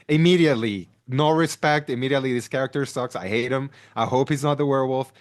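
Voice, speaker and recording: A man's voice: on the high side, a little fast, few pauses, no echo, clean studio sound. A man in casual podcast chat, ranting animatedly about a film and often restarting his sentences.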